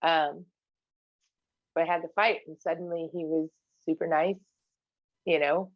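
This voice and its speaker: A woman's voice: low voice, fairly even intonation, a little slow, no echo. Candid woman telling her story, dry and dull. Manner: candid, many fillers and restarts, quotes others in their voice. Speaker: podcast guest. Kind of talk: casual storytelling interview.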